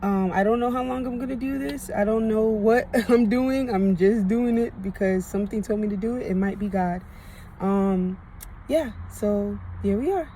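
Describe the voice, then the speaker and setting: A heavily pregnant woman in her thirties, out of breath, talks candidly into her phone camera for a video diary, rambling with lots of ums. Her voice is medium-pitched and warm, at a moderate pace, with a little hiss or hum. She records in a parked car, then at home.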